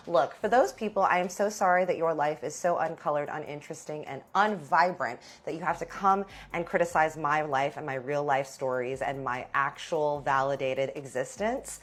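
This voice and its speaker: Young woman, low voice, sassy storyteller who jumps into character voices. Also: brisk, hardly any pauses. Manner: sassy, dramatic, voices every character with big pitch jumps. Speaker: storytime vlogger. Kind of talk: animated storytime monologue.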